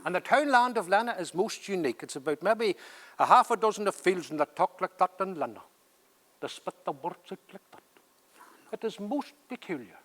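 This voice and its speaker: An older man, telling stories and reciting verse in a playful, lively way. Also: fairly high pitch. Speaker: poet. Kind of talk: theatre dialogue and poem recital.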